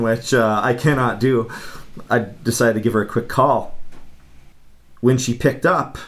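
A man's voice: mid-range voice, a bit bright. A man telling a story as a guest in a casual conversation, chatty and laughing between phrases. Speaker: podcast guest.

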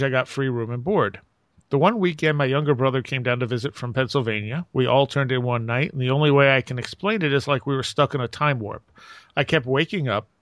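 A man who is a podcast host, chatting casually and reading a listener's account aloud in an even, steady way. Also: mid-range voice, no echo.

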